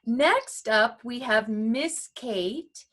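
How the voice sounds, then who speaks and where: A woman's voice: a little high, drawn-out words, fairly bright tone. A woman hosting a story hour, introducing readers and closing the program. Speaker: host.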